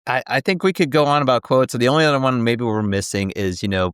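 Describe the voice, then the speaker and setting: A man's voice: mid-range voice, brisk, fairly bright tone, clear, resonant tone, no room sound, clean studio sound. A man co-hosting a casual movie review chat, talking enthusiastically and now and then quoting lines in playful voices. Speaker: co-host of a movie review show.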